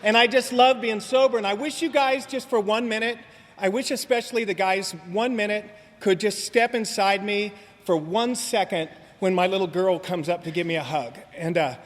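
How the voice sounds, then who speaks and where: Man, 40s, from southern california, high voice, joking storyteller, long hall reverb. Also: normal speed. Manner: joking, rambling storyteller, fond of asking "you know what I mean?". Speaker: speaker at a recovery meeting. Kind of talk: humorous recovery talk to an audience.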